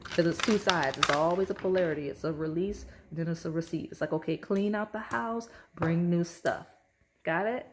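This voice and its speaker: A woman's voice: on the low side, moderate pace, background noise. A woman giving a casual pick-a-card tarot reading, speaking straight to the viewer and often checking in with "right?" and "okay?". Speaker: tarot reader.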